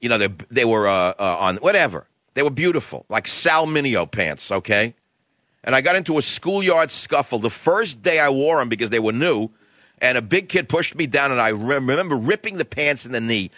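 A man's voice: mid-range voice, animated, normal speed, a bit bright, no echo, muffled recording. An older man with a New York accent, giving a blunt, rambling talk radio monologue. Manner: blunt, ranting, digressive.

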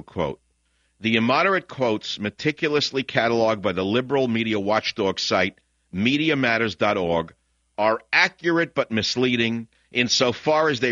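A man's voice: on the low side, dry recording, lo-fi sound. A man hosting a talk radio show, reading a lawyer's letter aloud and breaking in with sardonic asides. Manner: sardonic, reads quotes flatly then jumps in with sharp asides. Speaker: radio host.

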